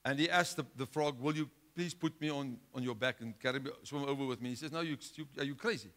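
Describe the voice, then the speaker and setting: A male pastor preaching a sermon, driving his points home with rhetorical questions and swinging between loud outbursts and hushed lines. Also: medium pitch, fairly even intonation, fast.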